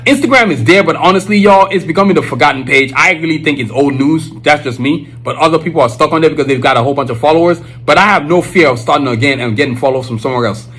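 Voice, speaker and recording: Man, podcast host, husky voice, preachy, emphatic casual talk. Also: on the high side, fast talker, few pauses, fairly bright tone, low-quality recording. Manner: emphatic, preachy, lots of filler phrases. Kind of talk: casual monologue.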